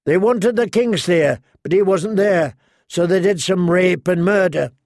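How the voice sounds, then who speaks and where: A man's voice: sits high, measured pace, a little mellow, dry recording, studio quality, voice pushed up. A man voicing a hostile middle-aged townsman in an audiobook, curt and snapping orders.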